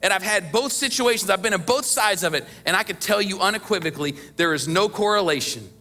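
A man's voice: high-pitched, expressive, quick pace, sharp tone. A middle-aged man preaching a sermon as pastor, talking conversationally with emphatic bursts and small chuckles.

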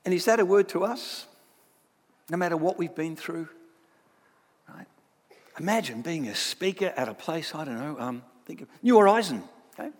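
A man gives an animated Bible lecture, his fairly high voice ringing out in a hall with a long reverb. He keeps checking in with his listeners through quick tag questions.

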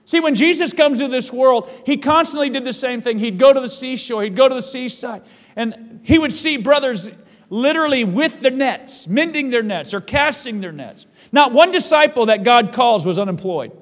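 High-voiced man preaching in a reverberant hall. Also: lively intonation, moderate pace. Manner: emphatic preaching with repeated phrases. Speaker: pastor. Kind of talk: sermon. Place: church.

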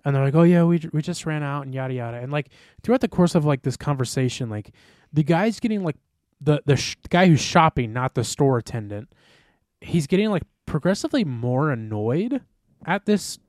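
A young man with a somewhat high voice tells a long, loose story in a casual podcast chat. He rambles, swears freely and leans on "like" while he talks. The sound is dry and close to the mic. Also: animated, brisk, darkish tone, no room sound. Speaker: podcast co-host.

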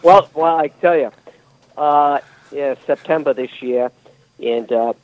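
A male farmer who is a guest on a radio show, telling a story haltingly, with lots of fillers. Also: a little high, no echo, phone-quality sound. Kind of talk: casual radio interview.

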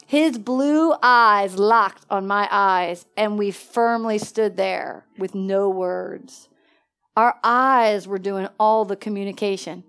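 A woman preaching in a lively storytelling way, jumping from excited bursts to hushed, quiet asides. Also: medium pitch, slow, smooth. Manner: animated, swings between excited exclamations and hushed asides. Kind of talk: storytelling sermon.

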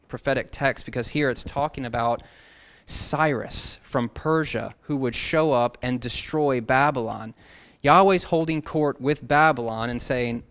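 A man leads a relaxed, expository sermon in a mid-range voice. He works through a scripture passage as a Bible teacher, keeping his tone conversational and breaking in now and then with playful asides. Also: mid-range voice.

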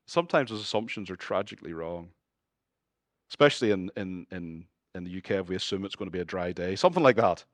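A man with a Northern Irish accent preaching a sermon as pastor, moving between lively humorous asides and hushed, earnest appeals to his listeners. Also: sits low, quick pace, dry recording, studio quality. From Northern Ireland.

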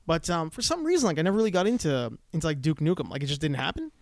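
A man's voice: fairly high pitch, very fast, no echo, clean studio sound. A man co-hosting a casual podcast chat, swearing freely and acting out stories in other people's voices. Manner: swearing, animated storytelling. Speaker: podcast co-host.

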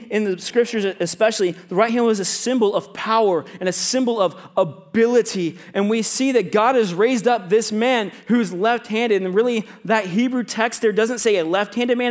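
Preaching to a congregation in a church sanctuary, a high-voiced male pastor of students and young adults keeps things chatty and humorous. Quick asides fall between his loud points and softer comments.

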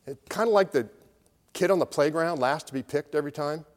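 A middle-aged man preaches a sermon as a pastor, telling stories conversationally and performing crowd voices. He speaks briskly in a slightly high voice, echoed by a long hall reverb.

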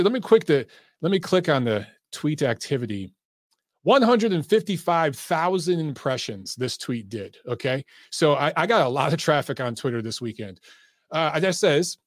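A man's voice: fairly high pitch, dry recording, clean studio sound. A middle-aged man hosting a boxing podcast, ranting in casual commentary with profane, emphatic, repetitive talk.

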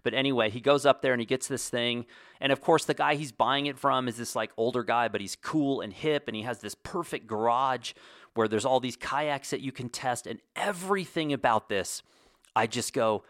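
Animated man telling a story, dry close sound. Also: mid-range voice, moderate pace, no room sound. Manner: animated, acts out quotes in his own voice. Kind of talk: casual storytelling monologue.

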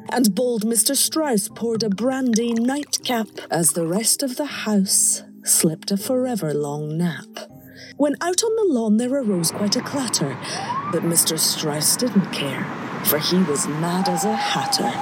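Slow, theatrical woman reading a rhyming tale. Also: medium pitch. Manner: theatrical, expressive delivery. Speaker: narrator, performer.

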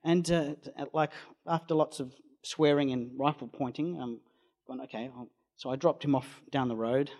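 A man's voice: mid-range voice, fairly even intonation, normal speed. A man with an Australian accent, a storm chaser telling a rambling anecdote in an interview. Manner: rambling storyteller, acts out quoted voices loudly.

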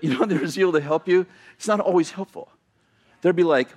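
High-pitched guy preaching in church, gets really animated, goes from yelling to quiet asides. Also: moderate pace. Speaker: pastor. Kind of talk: sermon. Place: church sanctuary.

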